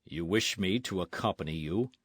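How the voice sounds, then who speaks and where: A man's voice: sits low, normal speed, husky, dry recording, pitched below the performer's own voice. A man playing Don Carlos, a proud old nobleman. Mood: dignified. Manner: indignant, proud, rising to shouts. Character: pompous, outraged elderly Spanish-Californian nobleman.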